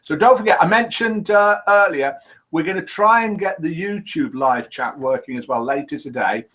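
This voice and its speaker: Fairly high in pitch and a bit bright, his voice moves at a normal speed. He hosts an informal live web chat show for people past 50, chattily reading their messages aloud.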